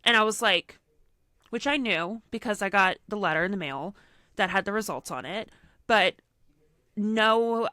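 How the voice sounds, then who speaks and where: A young woman with a bright, forceful voice tells a story in casual podcast chat, slipping into quoted voices as she goes. Her sound is dry and close, with no room around it. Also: medium pitch, measured pace, pauses often, no room sound. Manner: animated storyteller acting out quotes, frequent "like". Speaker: podcast co-host.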